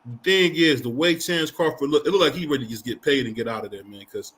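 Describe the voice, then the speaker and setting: A man's voice: mid-range voice, quick pace, fairly bright tone. A man co-hosting a casual sports talk show, loose and joking, who reads viewer comments aloud and ends many lines with "man" or "bro". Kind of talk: casual chat.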